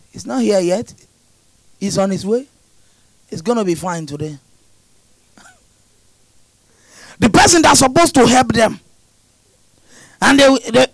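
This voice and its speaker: A man preaching and praying over a congregation, shouting repeated prayer lines with passion. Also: extremely high pitch, no echo, poor audio. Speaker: pastor.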